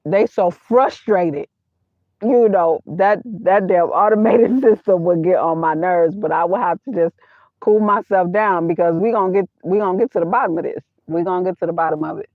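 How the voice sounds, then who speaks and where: A woman's voice: lowish voice, moderate pace, no echo. A woman vlogger chatting casually about money, blunt and emphatic, repeating her points, recorded inside her minivan. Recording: tinny phone-like dry sound.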